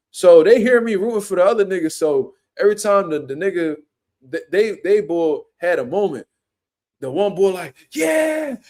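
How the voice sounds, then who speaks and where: Slangy Philly man telling stories. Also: high voice. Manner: animated, profane street slang storytelling. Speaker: boxer. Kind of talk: casual podcast chat.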